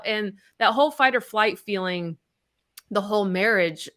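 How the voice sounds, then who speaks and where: A woman's voice: mid-range voice, normal speed, fairly bright tone. A middle-aged woman, a podcast co-host, telling a personal story in candid casual chat, blunt and swearing freely.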